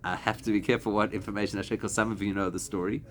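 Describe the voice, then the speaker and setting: Rabbi teaching a Talmud class. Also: male voice, lowish voice, fairly even intonation, a little hiss or hum. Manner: explanatory, slows to spell out Hebrew and Aramaic words. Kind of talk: classroom lesson to a live group.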